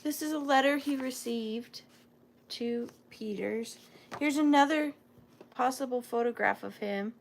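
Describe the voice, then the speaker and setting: A woman's voice: on the high side, measured pace, gravelly. A woman reselling antiques, hosting a live sale and reading old letters aloud, emotional and close to tears, marvelling and apologizing as she goes. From US South. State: near tears.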